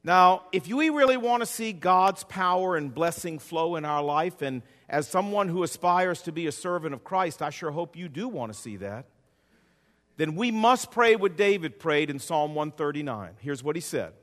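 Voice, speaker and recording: Male preacher, high-ish voice, folksy rhythmic sermon, reverberant hall. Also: animated, moderate pace, fairly bright tone. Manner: folksy storytelling, repetitive preaching cadence. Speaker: pastor.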